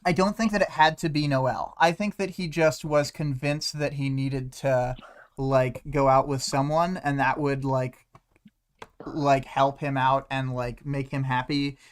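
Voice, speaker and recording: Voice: mid-range voice, steady tone, measured pace. A young adult co-hosting a casual podcast chat, speaking hesitantly and rambling with many "like"s. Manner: hesitant, rambling, heavy use of "like". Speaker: podcast co-host. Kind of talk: casual discussion of a web serial.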